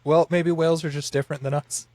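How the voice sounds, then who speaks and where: A man's voice: on the high side, level tone, fast, darkish tone. A man co-hosting a podcast in casual chat, rambling through explanations with lots of filler words. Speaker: podcast co-host.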